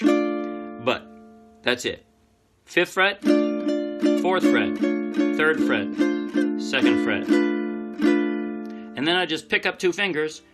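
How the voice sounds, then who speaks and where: A man giving a casual ukulele tutorial, explaining chords and strums step by step in a relaxed, chatty way. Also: medium pitch. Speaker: ukulele teacher. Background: loud ukulele playing.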